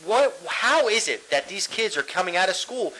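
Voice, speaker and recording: Ranting podcast co-host, bright voice, swears a lot, laughs easily. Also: male voice, high voice, very animated, normal speed, rough recording. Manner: ranting, profane, laughs often. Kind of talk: casual podcast chat.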